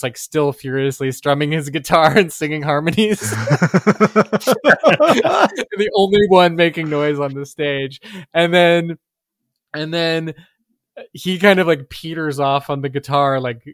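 A man's voice: a little high, no room sound, studio quality. A man telling a rambling anecdote as a podcast guest, full of filler words and laughing as he goes. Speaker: musician guest. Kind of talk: casual podcast storytelling.

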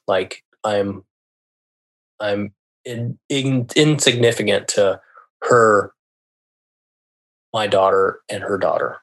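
Podcast guest: man, lowish voice, earnest, halting storyteller. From United States. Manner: halting and earnest, often restarting phrases. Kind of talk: personal storytelling in an interview.

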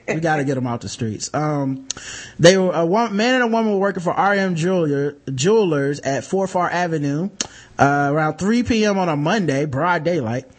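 A man's voice: fairly high pitch, animated, normal speed. A man hosting a podcast, reading news stories aloud in casual chat, joking and profane, laughing as he reads. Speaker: podcast host.

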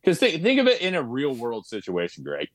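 A man's voice: mid-range voice, wildly swooping pitch, brisk, no echo. A man in a casual podcast chat, blunt and profane, calling his friend "bro". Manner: blunt and swearing, says "bro".

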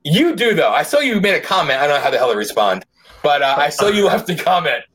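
A man's voice: fairly high pitch, sing-song, quick pace, a bit bright, breathy edge. A man hosting a casual podcast chat in a joking, loose way, swearing freely. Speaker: podcast host.

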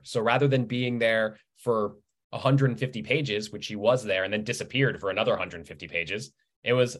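Animated man telling stories. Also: on the low side, moderate pace. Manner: animated storyteller, acts out quoted voices. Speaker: guest author. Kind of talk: casual conversational interview.

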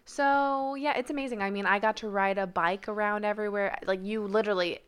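A woman's voice: medium pitch, fairly quick, clear, resonant tone. Chatty young woman on a podcast. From Arizona. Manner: animated, chatty, heavy on "like" and "dude". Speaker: podcast guest. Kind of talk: casual podcast chat.

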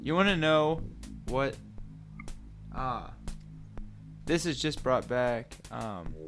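A man's voice: medium pitch, lively intonation, slow, music in the background. A man in his twenties co-hosting a podcast, joking and self-deprecating in casual chat. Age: 20s. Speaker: podcast co-host.

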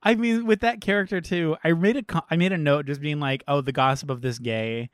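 Dude chatting about a movie, says like constantly, curses a lot, dry close sound. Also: male voice, fairly high pitch, brisk, clean tone, dry recording. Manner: chatty, fillers with "like", swears freely. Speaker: podcast co-host. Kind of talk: casual movie discussion.

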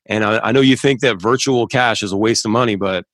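A man's voice: on the low side, a little fast, fairly bright tone, no room sound. A man in his thirties, a father, chatting casually on a podcast with a rambling, profane manner that gets heated when he airs a gripe. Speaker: podcast co-host. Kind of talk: casual chat.

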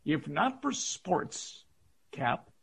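A man's voice: fairly high pitch, very animated, very slow, vocal fry, slightly rough. A man hosting an interview, asking his guest questions in a conversational way. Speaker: host.

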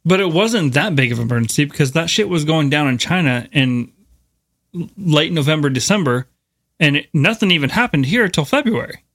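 A man's voice: fairly high pitch, animated, fairly quick, a bit bright. A man co-hosting a podcast, chatting casually, agreeing often and swearing now and then. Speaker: podcast co-host. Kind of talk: casual conversational podcast talk.

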